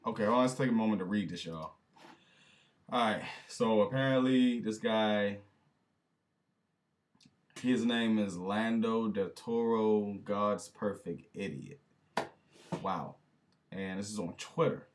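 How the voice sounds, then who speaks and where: A man's voice: lowish voice, slow pace, pauses often. A man hosting a reaction video, talking casually and with disbelief, laughing now and then and speaking straight to his viewers in slang.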